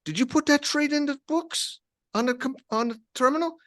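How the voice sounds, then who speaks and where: A man acting out a furious shouting trader. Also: very high voice, fairly quick, pitched above the performer's own voice. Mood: furious yelling. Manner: shouting, aggressive. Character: angry hulking male bond trader yelling.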